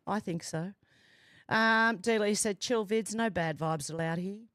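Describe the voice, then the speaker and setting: A woman's voice: medium pitch, very animated, slow, fairly bright tone, no echo, clean studio sound. A woman hosting a casual livestream from home, reading viewer comments aloud in a chatty, amused way. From Australia. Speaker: livestream host reading chat. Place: home, doors and windows open.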